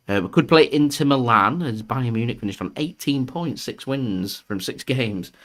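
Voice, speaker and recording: Chatty football fan commentating live. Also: male voice, medium pitch, fairly bright tone. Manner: chatty, jokey, laughs often, swears. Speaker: fan channel host doing live match commentary. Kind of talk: casual live watchalong commentary.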